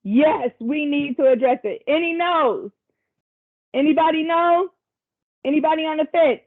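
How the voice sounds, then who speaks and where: Over tinny video call audio, a woman with a high-pitched voice speaks at a normal speed. She's presenting a virtual workshop, chatty and encouraging, tossing casual asides to the group.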